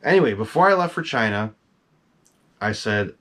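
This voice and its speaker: A middle-aged man, a collector, telling a long story about his masks in casual, excitable talk. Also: on the low side, moderate pace. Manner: animated, excitable, swears casually.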